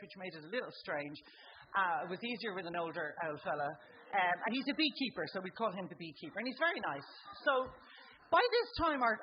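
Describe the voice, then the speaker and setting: Lively Irish woman telling a stand-up story. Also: muffled recording, a little hiss or hum. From Ireland. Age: 40s or older. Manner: conversational storytelling, leaping up in pitch for acted-out exclamations. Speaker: stand-up comedian. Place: live comedy venue.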